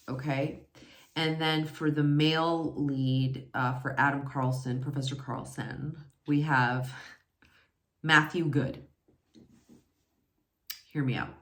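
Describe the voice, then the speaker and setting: This very deep-voiced woman has a fairly bright tone as she rambles through a casual chat about romance novels. She's a book reviewer in her forties, full of fillers and self-corrections, recorded in a room with echo.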